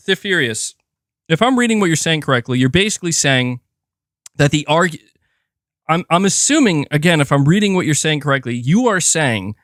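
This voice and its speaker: A man's voice: fairly high pitch, a bit bright, dry recording, studio quality. A young man ranting profanely and with exasperation while commenting on gaming news on a livestream, often repeating himself.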